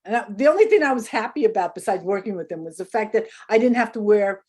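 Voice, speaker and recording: Older woman telling lively anecdotes. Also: medium pitch, fast talker, husky. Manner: animated anecdotes, acts out quotes, laughs often. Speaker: interview guest. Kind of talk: casual storytelling interview.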